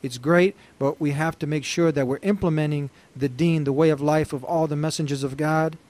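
A man's voice: a little high, steady tone, fairly quick, darkish tone. A man hosting a talk show, asking questions and speaking in an emphatic, preacherly way. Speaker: host. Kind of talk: interview hosting.

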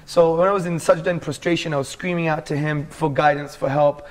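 A man's voice: a little high, steady tone, fairly quick. A man in his forties from England, earnestly telling his life story as a guest in a casual interview and calling the host bro.

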